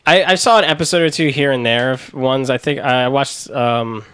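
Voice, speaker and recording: A man's voice: medium pitch, normal speed, fairly bright tone, smooth. A young man co-hosting a casual podcast chat, swearing often and stumbling over restarts. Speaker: podcast co-host.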